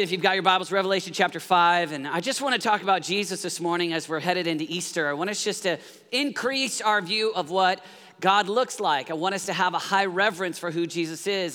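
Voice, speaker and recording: Energetic man preaching in a reverberant hall. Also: high voice, a little fast. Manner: energetic, calls for congregation responses. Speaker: guest pastor. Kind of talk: sermon. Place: church hall.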